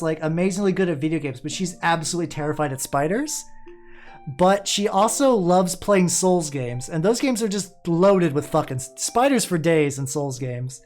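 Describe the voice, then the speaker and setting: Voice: medium pitch, a little mellow. A VTuber streamer chatting casually while painting, rambling, restarting sentences and trailing off into mumbles. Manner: quick restarts and repeated words. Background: faint music playing.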